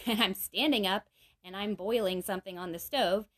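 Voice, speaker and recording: A woman's voice: mid-range voice, moderate pace. A woman in her thirties explaining a parenting idea in a casual talk, full of "you know" and "right?", acting out quoted lines in a livelier voice. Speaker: parenting speaker.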